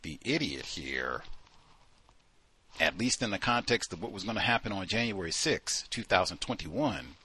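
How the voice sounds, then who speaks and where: Man, book club host, low voice, very lively pitch, bright tone, slightly husky, dry close sound. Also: normal speed. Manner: animated, exclaiming, reading passages then commenting. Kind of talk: book discussion, reading aloud and commenting.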